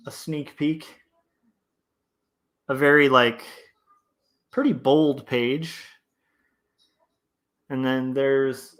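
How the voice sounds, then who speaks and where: Rambling relaxed man chatting while drawing. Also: medium pitch. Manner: rambling, many fillers and restarts; relaxed and friendly, reads chat aloud. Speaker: comic artist streamer. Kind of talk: casual livestream chat while drawing. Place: home studio indoors.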